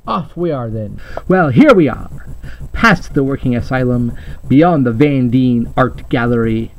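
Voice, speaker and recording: A man's voice: medium pitch, lively intonation, measured pace, creaky. Guy doing a hammy fake news report for a toy video, upbeat, a bit muffled with faint hiss. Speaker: host and reporter. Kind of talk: playful mock news report. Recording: slightly muffled home recording.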